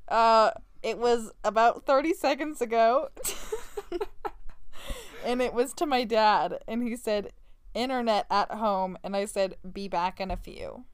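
A woman's voice: a little high, a little slow, clear, resonant tone, no room sound. A young woman co-hosting a casual podcast, hesitant and self-conscious, laughing often. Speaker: podcast co-host. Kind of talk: casual chat.

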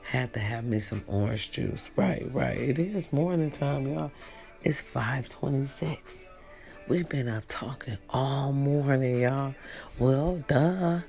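A woman's voice: a bass voice, slow pace, creaky, warm tone, soft background music. A woman hosting a podcast, chatting casually and playfully to her listeners in a rambling, teasing way. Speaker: podcast host.

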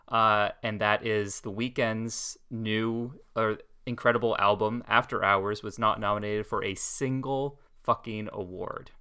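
Man, podcast co-host, low voice, bright forceful tone, rambling and laughing. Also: clear, resonant tone. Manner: rambling, laughs often, many fillers. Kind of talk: casual podcast chat.

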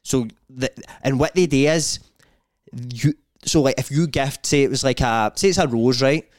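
Young man, Scottish accent, casual podcast chat, lively slangy storytelling, dry close-miked sound. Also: mid-range voice, moderate pace, no echo. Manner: animated storytelling, broad slang, bursts of loud laughter. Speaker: podcast co-host.

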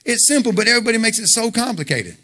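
A man's voice: very high-pitched, sing-song, racing, sharp tone. A man preaching an informal sermon, conversational and emphatic, full of rhetorical questions.

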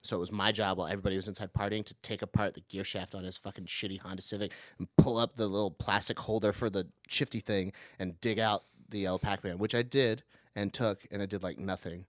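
A man's voice: fairly low pitch, fast talker, dry recording, clean studio sound. A man co-hosting a podcast, telling a wild story in casual chat, laughing often and acting out the other people in it. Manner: animated, laughing often, acts out voices in stories. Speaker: podcast co-host.

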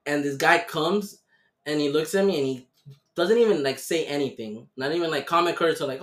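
A young man hosting a casual podcast chat, telling animated stories full of swearing. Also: fairly high pitch, a little fast. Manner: animated storytelling with heavy swearing. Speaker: podcast host. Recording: roomy echo.

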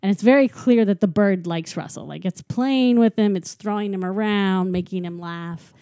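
A woman chatting casually and giggling as she retells a film plot, slipping into quick impressions of its characters. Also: mid-range voice, dry recording, studio quality. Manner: giggly, animated retelling with acted quotes. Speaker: podcast co-host recapping a film. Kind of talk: casual chat.

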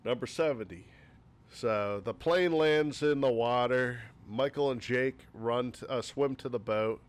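A man at an ordinary mid pitch picks apart a movie in a loose, rambling way. He talks casually and sarcastically, dropping swear words freely as he lists complaints. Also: a little slow, clear, resonant tone. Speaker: movie reviewer. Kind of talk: casual spoken movie critique.

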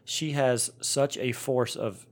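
A man's voice: medium pitch, fairly even intonation, slow pace. A middle-aged man co-hosting a podcast, chatting casually and rambling with frequent restarts. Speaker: podcast co-host.

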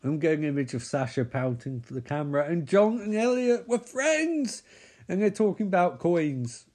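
A man with a fairly high voice that swings widely in pitch delivers sarcastic running commentary on a movie as he watches it. He talks at a moderate pace with a darkish tone, sardonic and swearing, mocking the characters in put-on voices.

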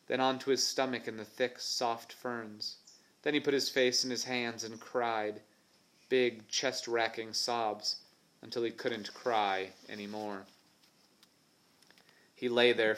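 A man reading a children's novel aloud in a measured, suspenseful narrating voice. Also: medium pitch, a bit bright. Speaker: reader.

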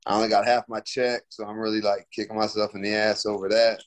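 A man's voice: fairly low pitch, little pitch movement, fast talker. A young man, a fighter, answering interview questions in a laid-back, slangy way full of fillers.

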